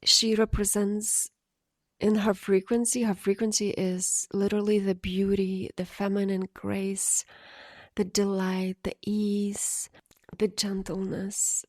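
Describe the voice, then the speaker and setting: A woman podcast host telling a personal story in a halting, emotional way, with many pauses and fillers. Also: mid-range voice, level tone, darkish tone, no room sound, clean studio sound.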